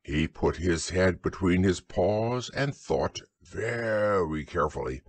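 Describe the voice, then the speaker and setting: A man narrating a children's story as a gentle, unhurried bedtime audiobook. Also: sits low, expressive, slightly rough, no room sound.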